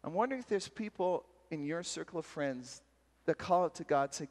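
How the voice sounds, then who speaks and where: A man on stage at a retreat, talking through personal stories with a lively, self-deprecating warmth of delivery and quick laughs. His voice sits a little high, and long reverb from a large hall trails every phrase. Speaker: retreat speaker. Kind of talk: storytelling sermon talk.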